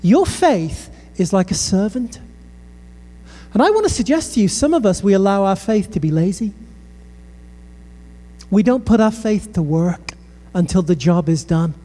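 A man's voice: high voice, expressive, a little slow, pauses often, dark tone. A male pastor from the United Kingdom preaching a passionate sermon with conversational asides in a church hall. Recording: echoey hall.

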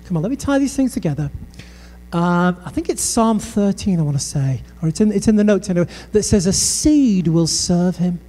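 A man's voice: high-pitched, animated, a little fast, mellow. A male pastor from the United Kingdom preaching a passionate sermon with conversational asides in a church hall. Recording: echoey hall.

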